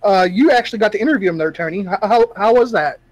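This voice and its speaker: A man's voice: high voice, expressive, fast, dry recording, poor audio. A man on a gaming podcast panel, chatting in an easygoing, enthusiastic way. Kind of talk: casual chat.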